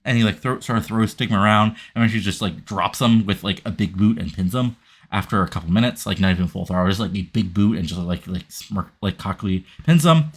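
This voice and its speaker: Rambling low-voiced man. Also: fairly quick. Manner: rambling, many fillers. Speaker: game commentator. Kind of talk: casual let's-play narration.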